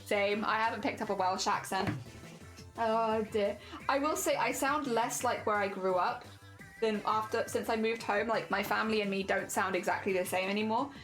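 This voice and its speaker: Speaking in a mid-range voice at a moderate pace, this Hampshire woman has a standard British accent. She chats loosely on stream as she crafts, often restarting, while faint music plays behind her.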